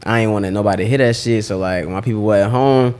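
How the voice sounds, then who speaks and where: Young man, Southern accent, rapper guest, quick talker, lowish voice, laid-back slang-heavy storytelling. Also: darkish tone, slight background noise. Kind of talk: casual interview chat.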